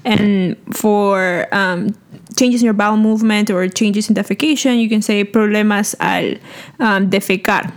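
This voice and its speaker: A woman co-hosting a casual podcast, explaining in a relaxed way with easy fillers. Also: medium pitch, a little slow, few pauses. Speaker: podcast co-host.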